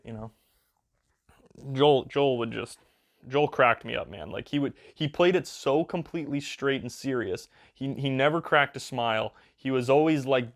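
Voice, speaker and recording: A man's voice: medium pitch, normal speed. A man, rambling in a casual, crude and joking way as a video creator, with lots of fillers and playful exaggeration.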